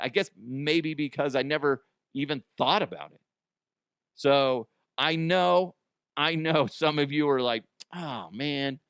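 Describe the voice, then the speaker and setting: An American man hosts a comedy news show in a crude, self-mocking monologue. His fairly high voice swings up and down a lot as he jokes. The recording is dry and close, with no room around it. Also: clear, resonant tone, no echo. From United States. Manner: animated, profane, self-mocking.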